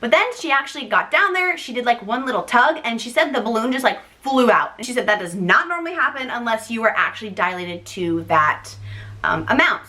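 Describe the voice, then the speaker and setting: A young woman vlogger telling a long personal story in a chatty, animated way, acting out what others said. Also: fairly high pitch. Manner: chatty, animated, acts out quoted voices. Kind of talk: casual storytelling to camera.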